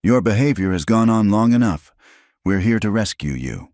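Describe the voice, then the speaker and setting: A man's voice: lowish voice, sing-song, normal speed, darkish tone, no echo, clean studio sound, voice pushed up. A man voicing a stern male town councilman who tries to sound reasonable while making demands. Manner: coaxing then demanding.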